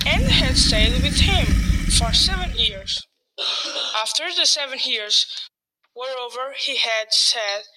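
A woman reads a fairy tale aloud, taking her time over each phrase. Her voice is bright and slightly high, with a deliberate, unhurried storytelling pace. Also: rough recording.

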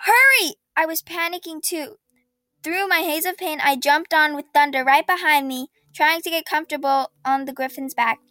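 Bright high-voiced woman reading a story. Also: moderate pace, dry recording. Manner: expressive, acting out dialogue loudly. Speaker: story reader. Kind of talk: first-person fantasy story reading.

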